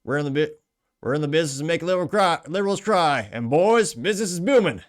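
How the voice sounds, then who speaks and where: A smug, sinister male officer with a German accent, boasting with sly glee, as a man puts him on. The voice sits well above the performer's usual pitch and comes out loud and pushed. It is a quick, light impression rather than a polished one. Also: animated, natural voice. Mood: gloating.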